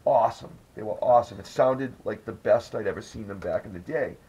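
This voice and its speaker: A man's voice: on the low side, fairly quick, warm tone, husky, lo-fi sound. A man hosting a podcast, telling rambling, profane stories in casual chat. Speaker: podcast host.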